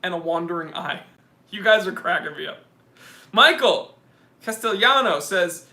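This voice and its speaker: Bright-voiced man chatting in an echoey room. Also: high voice, expressive, normal speed, pauses often. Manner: joking, reads viewer comments aloud. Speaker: host. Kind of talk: casual livestream chat.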